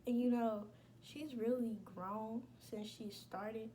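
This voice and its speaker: Young woman vlogging, blunt slangy chatter, mellow highish voice, faint hiss behind. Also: fairly even intonation, slow pace. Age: young adult. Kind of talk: casual chat.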